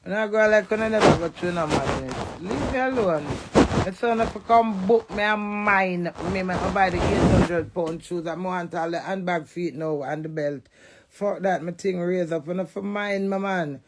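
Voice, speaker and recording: A woman with a thick Jamaican accent launches into a brash, fiery rant, swearing freely. Her voice has a gravelly, creaky edge. She sounds defiant and unfiltered. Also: on the low side, moderate pace, very noisy. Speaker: social media personality. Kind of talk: ranting monologue.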